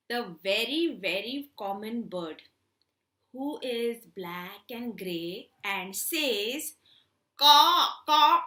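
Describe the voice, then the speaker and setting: High, slow, bright-voiced woman storyteller. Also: echoey room. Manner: expressive, slow and animated, with many questions to kids. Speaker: storytelling craft teacher. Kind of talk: children's storytelling lesson.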